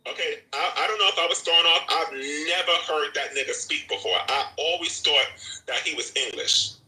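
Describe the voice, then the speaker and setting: A man's voice: fairly high pitch, moderate pace, sharp tone. Ranting profane man in an echoey room. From Jamaica. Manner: profane, repetitive, talks over himself. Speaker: host of a live audio room. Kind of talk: animated rant.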